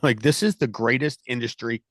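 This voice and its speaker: A man's voice: mid-range voice, normal speed, fairly bright tone, no room sound, clean studio sound. A man leading a sales team call, giving a direct, motivational pep talk to his agents over a video call.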